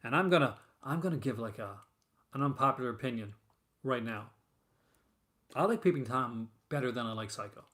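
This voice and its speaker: A man's voice: mid-range voice, lively intonation, fairly quick, long pauses, fairly bright tone. A man hosting a casual stream, rambling and full of fillers and restarts as he chats with viewers. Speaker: host of a horror film collecting show. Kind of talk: casual live-stream chat.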